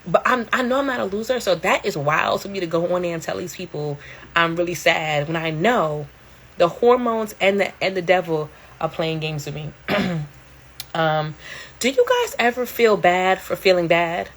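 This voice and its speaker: A woman's voice: lowish voice, expressive, normal speed. A middle-aged woman hosting a casual livestream from home, talking candidly in a slangy way and laughing often. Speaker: livestream host.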